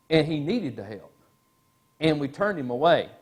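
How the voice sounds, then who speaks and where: A man with a slightly high voice teaches a Bible class in a church classroom. He talks in a folksy, animated way and tells stories full of pauses and fillers. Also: slightly rough. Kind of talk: storytelling in a class.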